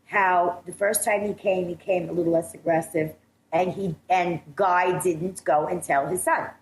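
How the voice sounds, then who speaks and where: Radio psychic host, woman, low voice, emphatic and earnest, echoey studio with faint hiss. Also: steady tone, unhurried. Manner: earnest, emphatic, laughs often. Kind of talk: radio talk show chat.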